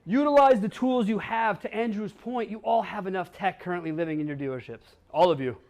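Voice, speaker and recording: A Wisconsin man speaking at a conference keynote has a high, slightly mellow voice and talks fairly quickly. Standing in a conference hall, he's blunt, jokes around with the audience, and lets the occasional curse slip.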